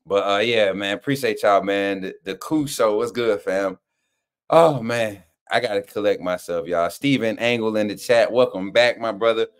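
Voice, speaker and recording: A man's voice: on the low side, moderate pace, clean tone. A man hosting a sports fan live stream in loose, slangy casual chat, often cracking up with laughter.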